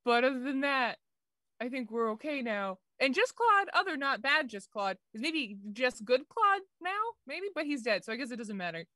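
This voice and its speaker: A woman's voice: sits high, expressive, normal speed, sharp tone, no room sound, studio quality. A woman playing a tabletop game, talking in character with wry, rambling joking asides. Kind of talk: casual in-character play.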